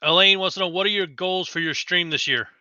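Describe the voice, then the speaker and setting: A man's voice: sits high, brisk, pushed and bright, no echo, lo-fi sound. A man co-hosting a casual chat show, reading out viewer questions briefly.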